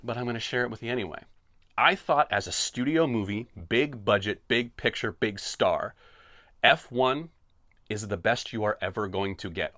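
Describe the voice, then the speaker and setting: A man rants on his solo podcast in an animated, tongue-in-cheek way, full of sarcasm. His voice sits in a middle pitch, and the close mic sounds dry with no room around it. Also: no room sound. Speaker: podcast host. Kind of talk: opinionated solo podcast rant.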